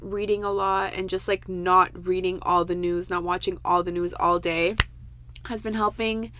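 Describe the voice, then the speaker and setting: A woman's voice: on the low side, little pitch movement, moderate pace, fairly bright tone, a little hiss or hum. A woman co-hosting a podcast in casual chat, chatty and reflective, swearing casually. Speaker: podcast co-host.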